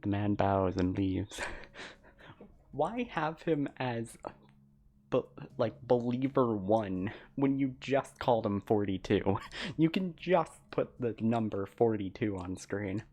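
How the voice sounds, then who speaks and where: A woman's voice: a bass voice, expressive, takes it slowly, warm tone. A woman streamer reading game text aloud during a live reaction, joking and laughing often.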